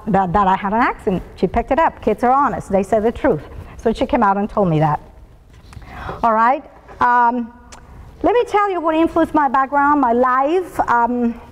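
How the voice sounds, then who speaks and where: A woman's voice: sits high, big-room sound, highs cut off. A woman in her fifties from Colombia and Venezuela, with a Venezuelan Spanish accent, giving a prepared talk with frequent ums while telling stories. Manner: frequent ums and uhs, storytelling. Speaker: speaker at a school talk event.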